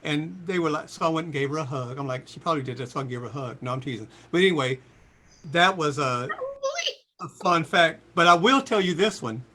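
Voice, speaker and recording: An older man in his sixties tells anecdotes as an interview guest. His voice sits fairly high, bright and forceful. He acts out quotes with sudden high jumps. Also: a little fast, slight background noise. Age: 60s. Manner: lively storyteller, voices quotes with big pitch jumps. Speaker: singer and guest. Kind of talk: animated storytelling interview.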